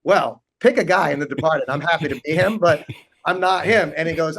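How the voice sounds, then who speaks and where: A man in his forties tells funny anecdotes as a talk show guest, laughing often as he goes. His voice sits a little high, and he keeps an animated storytelling rhythm. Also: brisk. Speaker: guest, actor and team owner. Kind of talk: casual interview storytelling.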